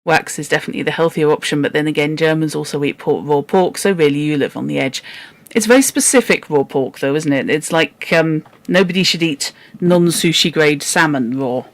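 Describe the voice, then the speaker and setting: A woman's voice: deep voice, fairly quick, no echo. Chatty woman reading aloud. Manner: chatty, self-deprecating. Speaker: book club reader and host. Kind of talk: casual read-aloud with chat.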